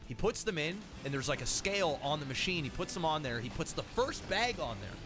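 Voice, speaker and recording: A man's voice: fairly high pitch, a little fast, music in the background. A man casting a strategy video game in casual commentary, telling stories with a lot of swearing. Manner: animated storyteller, swears freely. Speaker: game caster.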